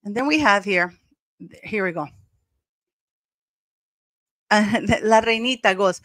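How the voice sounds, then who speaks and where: A woman's voice: mid-range voice, measured pace, pauses often, fairly bright tone, no room sound. Blunt, scornful woman ranting to viewers. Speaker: commentary channel host. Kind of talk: ranting commentary vlog.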